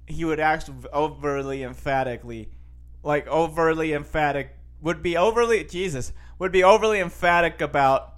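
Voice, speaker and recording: A man's voice: fairly high pitch, normal speed. A man hosting a casual show, rambling through news headlines with lots of fillers and restarts.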